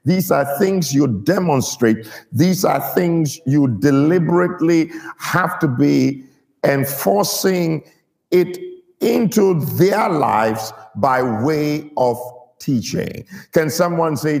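A man's voice: a little high, expressive, slow, creaky, a little mellow, long reverb tail. A man preaching a sermon to his church, stressing key words and getting the people to repeat them. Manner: emphatic, draws out key words and gets the congregation to repeat.

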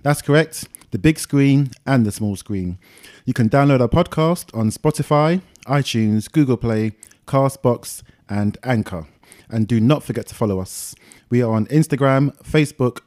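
A man's voice: mid-range voice, expressive, unhurried, a little mellow. A man co-hosting a film podcast in casual chat, joking and laughing often. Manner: laughs often, loose and jokey. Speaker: podcast co-host. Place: London.

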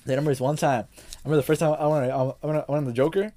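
Norcal guy hosting a podcast, bit high voice, jumpy delivery, keeps tripping over his words. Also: very fast, slight background noise. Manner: animated, stammers and repeats words. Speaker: podcast host. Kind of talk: casual chat.

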